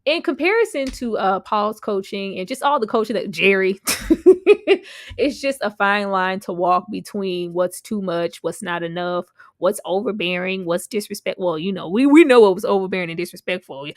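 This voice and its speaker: Animated woman reacting in a casual review. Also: medium pitch, normal speed, no echo, studio quality. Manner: animated, slangy, laughs often, swears freely. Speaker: TV episode reviewer.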